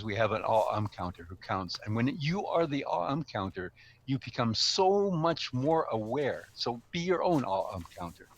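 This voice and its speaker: A man of middle pitch gives friendly, unscripted advice on public speaking. He talks conversationally, pausing with ums and correcting himself as he goes. He comes across as an older, experienced speaker. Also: a little hiss or hum. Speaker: guest speaker, speaking coach. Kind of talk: casual instructional talk. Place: live stream studio or room.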